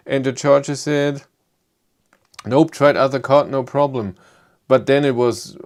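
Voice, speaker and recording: A man with a German accent, hosting a live stream and chatting with viewers in English in a halting, rambling way. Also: medium pitch, gravelly, a little mellow. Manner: rambling, halting, frequent restarts. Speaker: YouTube car channel host.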